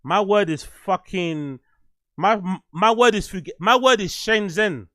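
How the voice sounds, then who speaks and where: High-voiced swearing man. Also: expressive, slow pace, sharp tone, no room sound, studio quality. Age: adult, "you get older". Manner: swearing, rambling, self-deprecating. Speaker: podcast host. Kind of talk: casual livestream chat.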